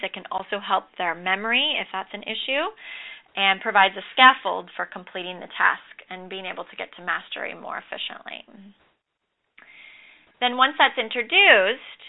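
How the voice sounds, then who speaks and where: A woman instructor explaining a lesson over slides in a measured way, with occasional fillers. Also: mid-range voice. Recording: tinny phone-like audio.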